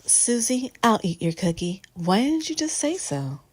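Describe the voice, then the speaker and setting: A woman's voice: a little high, big pitch swings, a little slow, slightly rough, no room sound, voice pushed up, heavily acted. A woman voicing a kind, comforting male engineer in a rhyming storybook reading. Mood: reassuring. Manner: gentle, reassuring.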